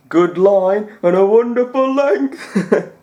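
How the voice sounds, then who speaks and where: A man doing an impression of an excitable older male snooker commentator, with high, loud, drawn-out exclamations.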